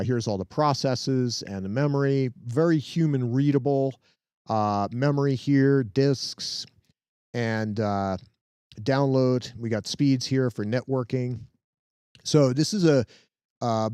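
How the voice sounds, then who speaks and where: Upbeat man demoing tech, crisp dry voice. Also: medium pitch, a little mellow, no echo. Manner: chatty, upbeat, talks to viewers while working. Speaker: host and tech trainer. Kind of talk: casual live-stream tech demo. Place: home tech lab.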